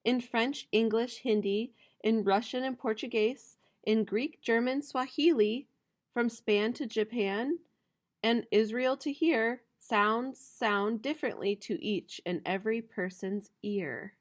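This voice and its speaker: Slow, playful woman reading to children. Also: a little high. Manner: slow, playful reading with bright, loud animal-sound imitations. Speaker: teacher. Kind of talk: picture book read-aloud for students.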